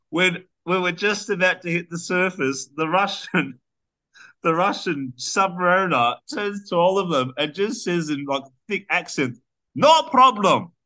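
A man with a bright, forceful voice retells a story on a podcast. He rambles casually, restarting phrases and dropping the odd curse as he goes. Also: fairly high pitch. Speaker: podcast co-host.

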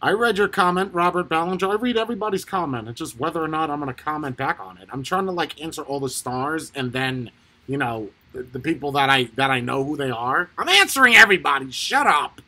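A man's voice: a little high, fast talker, bright, forceful tone. A man hosting a casual live stream, reading out and answering viewers' comments, often breaking into laughter and swearing casually. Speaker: livestream host reading chat.

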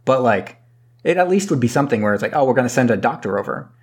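A man's voice: mid-range voice, expressive, quick pace, slightly rough. A man casually recapping a movie plot, rambling and acting out characters' lines with the odd swear. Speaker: podcast co-host.

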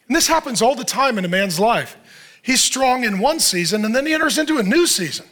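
A middle-aged male pastor preaches in a loose, conversational style. He fires rhetorical questions at his listeners and acts out what people might say. His voice sits high and sounds bright and forward. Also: animated, a little fast. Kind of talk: sermon.

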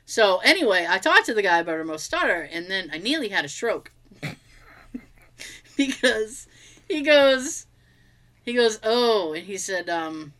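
Woman telling a story on a chat show, bouncy pitch, bright voice, swears a bit. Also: unhurried, pauses often. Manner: animated storyteller, acts out dialogue, swears casually. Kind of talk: casual chat.

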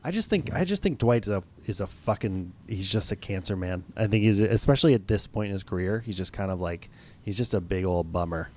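A man's voice: on the low side, animated, fairly quick, a little mellow, slight background noise. A man co-hosting a casual sports podcast, joking and laughing often, loose and a little profane. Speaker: podcast co-host.

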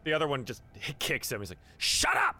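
A man narrating as game master of a tabletop game in a playful, animated way. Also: mid-range voice, quick pace.

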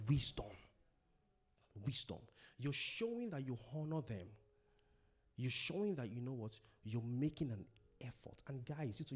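A husky-voiced middle-aged preacher from Africa delivers a sermon with a very lively, swooping pitch. He hammers home his points by repeating them and asks questions for the listeners to answer. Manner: emphatic, repeats key phrases, asks questions for the congregation to answer. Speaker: pastor. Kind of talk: sermon on relationships.

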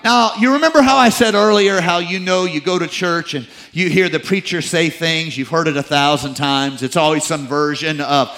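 A middle-aged male pastor preaching a sermon, moving between loud emphatic peaks and low confiding asides, with teasing, self-deprecating humor. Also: moderate pace, hardly any pauses, rough recording.

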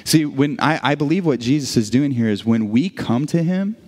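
A man's voice: mid-range voice, expressive, moderate pace, a little mellow, slightly rough. A middle-aged man preaching a sermon as pastor, talking to the congregation in a loose, conversational way, often restarting his sentences and dropping in friendly asides. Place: church sanctuary. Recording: long church reverb.

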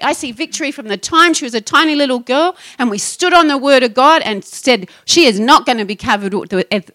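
A middle-aged woman pastor preaching a passionate, rising sermon to her congregation. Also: sits high. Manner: passionate, building to excited exhortation.

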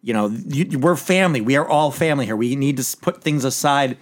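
A man's voice: medium pitch, animated, fairly quick, natural voice. A man voicing a frail old king who pleads with his family to put their quarrels aside, told casually in his own voice. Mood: pleading.

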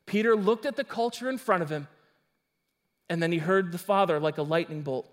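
Man, pastor, sermon, high voice, emphatic, conversational asides. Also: a little fast.

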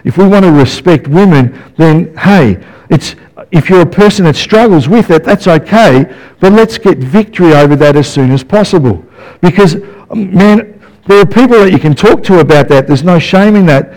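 A man's voice: sits high, expressive, normal speed, darkish tone, rough recording. A man preaching a conversational sermon to his church, often checking in with the congregation. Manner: conversational preaching with frequent "yeah?" check-ins. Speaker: pastor.

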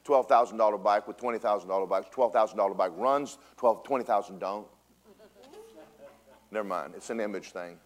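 A man, a pastor preaching a storytelling sermon in church, swinging from loud bursts to a hushed voice. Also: fairly low pitch, a little fast. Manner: animated storytelling with big swings in loudness, drops to a hush. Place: church sanctuary.

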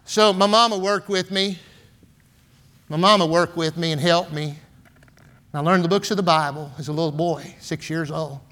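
A man's voice: fairly high pitch, steady tone, moderate pace, a bit bright. A man, preaching in a folksy, storytelling way full of "and, uh" and "man". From San Antonio, Texas. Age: 60s. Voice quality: folksy, filler-heavy with "and, uh" and "man". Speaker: pastor. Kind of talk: storytelling sermon.

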